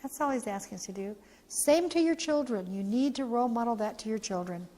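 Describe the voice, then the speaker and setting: A woman's voice: on the high side, fairly quick. A woman, founder and parent trainer, giving a heartfelt training talk and acting out the voices in her story. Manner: heartfelt, animated, acts out quotes. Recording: echoey hall.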